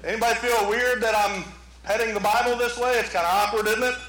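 A preacher with a very high, bright voice, swinging from shouted declarations to teasing asides. The sound carries the roomy echo of a church sanctuary, and the delivery is lively and animated throughout. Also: male voice, quick pace. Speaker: pastor. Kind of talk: sermon.

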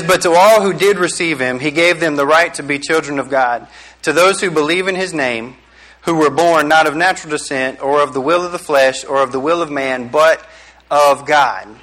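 A man's voice: a little high, pushed and bright. A middle-aged man giving a casual youth sermon, joking and quizzing his audience. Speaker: youth pastor. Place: small room with a group.

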